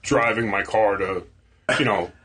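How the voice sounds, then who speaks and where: A man's voice: fairly low pitch, fairly even intonation, unhurried, a bit bright, husky. Rambling Queens man. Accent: Queens, New York. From Queens, New York. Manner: rambling, stammers and restarts, cheerful. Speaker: podcast host as guest. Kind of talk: casual chat. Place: tattoo shop after hours.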